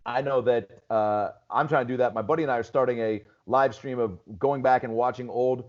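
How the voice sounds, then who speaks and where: Medium-pitched and steady, he speaks a bit quickly over lo-fi sound. The speaker is a male stand-up comedian from Seattle, USA, guesting on a relaxed podcast and telling loose stories full of "dude" and "like."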